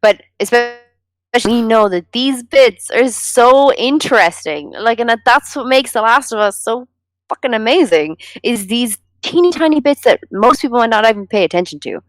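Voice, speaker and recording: A woman hosting a podcast in a casual chat, animated and swearing freely. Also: on the high side, normal speed, no echo. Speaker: podcast host.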